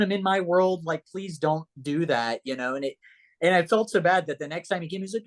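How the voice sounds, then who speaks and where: Animated man telling stories on a podcast. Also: high-pitched, brisk. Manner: animated storyteller, acts out quoted voices. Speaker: podcast guest. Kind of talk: casual podcast chat.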